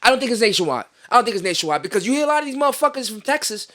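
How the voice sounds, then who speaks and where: A man's voice: very high-pitched, very animated, very fast, pushed and bright. A man from New York City hosting a podcast, ranting in casual chat with lots of profanity and slang. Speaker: podcast host.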